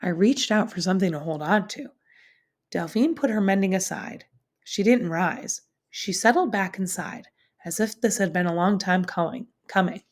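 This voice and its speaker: A woman teacher reading a novel aloud in a steady, expressive storytelling manner. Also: fairly low pitch, normal speed.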